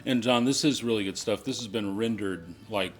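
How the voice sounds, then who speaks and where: A man's voice: on the low side, normal speed, faint music behind. A man co-hosting a casual question-and-answer chat, agreeable and thoughtful as he weighs in. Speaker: co-host.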